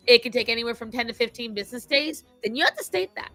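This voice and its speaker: Bright-voiced woman ranting to her chat. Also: fairly high pitch, fast, few pauses, soft background music. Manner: animated, opinionated storytelling. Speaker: streamer host. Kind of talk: casual chat to a live chat.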